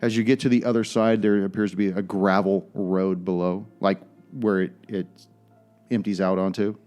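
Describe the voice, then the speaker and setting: A man's voice: low-pitched, steady tone, normal speed, a little mellow, faint music behind. A man narrating as dungeon master in a casual tabletop game, describing scenes and laughing with players.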